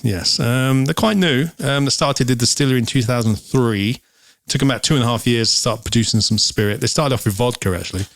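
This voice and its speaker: On a whisky show, a male co-host talks fast in a mid-range voice, rambling casually and filling his explanations with ums. The recording is dry.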